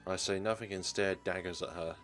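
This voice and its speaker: A man narrates a visual novel for his let's play, with a wry, sarcastic edge. His voice is very deep. Faint game music runs in the background. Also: steady tone, brisk. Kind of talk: reading a visual novel aloud.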